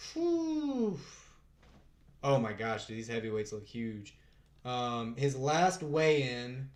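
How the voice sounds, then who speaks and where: Streamer man, mid pitch, loose chatty fight commentary, laughs easily. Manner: chatty, laughs often, thinks out loud. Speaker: live stream host. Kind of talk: casual live fight commentary to chat.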